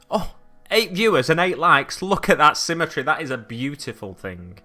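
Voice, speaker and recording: A man's voice: fairly high pitch, big pitch swings, moderate pace, pushed and bright, soft background music. A man chatting casually on a live stream at his hobby desk, reading the chat aloud and rambling along. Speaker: miniature-painting streamer.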